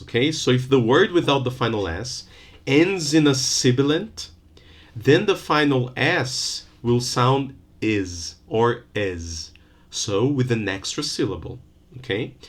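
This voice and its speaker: A man giving a recorded university lecture on phonetics, explaining patiently and often checking in with "okay?". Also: medium pitch. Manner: slows down to stress rules and example words.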